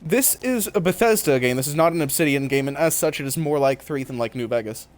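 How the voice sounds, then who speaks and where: A man's voice: fairly high pitch, expressive, a little fast. A young man from California giving casual gameplay commentary, lecturing in a mock-serious tour-guide manner with laughing asides. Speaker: gaming streamer.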